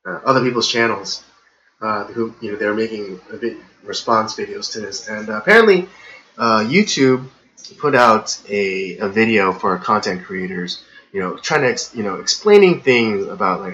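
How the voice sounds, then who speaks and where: A man's voice: on the low side, sharp tone, lo-fi sound, a little hiss or hum. A man hosting a podcast live stream, rambling through a casual rant full of "you know" fillers and getting worked up. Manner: gets worked up and ranting. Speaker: podcast host.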